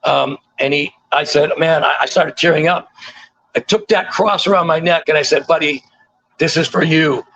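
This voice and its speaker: A man in his sixties, a guest telling stories in a casual interview, animated and repeating words for emphasis. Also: on the high side, moderate pace, muffled recording, slight background noise. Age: 60s.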